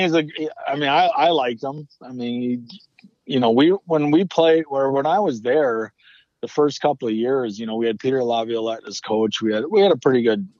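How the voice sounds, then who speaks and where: The guest, an ex-hockey player, loops back and restarts sentences while swearing through casual podcast storytelling. His medium-pitched, darkish voice comes over slightly muffled lo-fi remote audio with no room sound at all.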